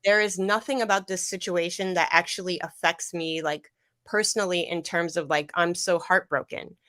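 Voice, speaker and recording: A young adult woman speaks in a fairly low voice, picked up dry and close. She tells a painful personal story in a rambling way, circling back and repeating phrases, and her voice catches with emotion. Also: fairly even intonation, normal speed, a bit bright, no echo. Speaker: guest. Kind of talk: emotional personal account on a livestream.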